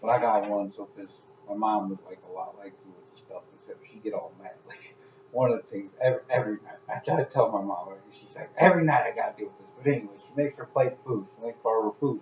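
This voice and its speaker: A man's voice: medium pitch, a little mellow, slight background noise. A man telling rambling, profane stories in casual chat, laughing along as he goes. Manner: rambling storytelling, swears, laughs at own stories. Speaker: podcast co-host. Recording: echoey room, dull sound.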